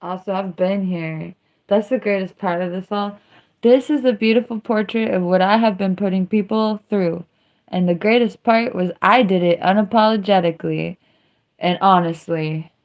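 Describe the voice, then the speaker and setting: A woman's voice: medium pitch, moderate pace, highs cut off. A young woman hosting a casual livestream, chatting in a drawling, sardonic way that mixes jokes with confessions. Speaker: livestream host.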